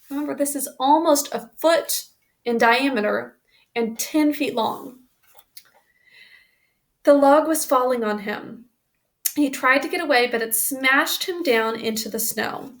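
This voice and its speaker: A woman reading a children's book aloud, stopping now and then to explain the story in plain asides. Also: a little high. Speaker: reader.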